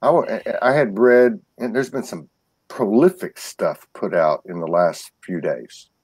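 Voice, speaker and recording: A man with a lowish voice, recorded close and dry, talks as a guest in a casual spiritual conversation. He stumbles through restarts and repeated words while telling his stories earnestly. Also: measured pace, breathy edge, dry recording. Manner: earnest storytelling.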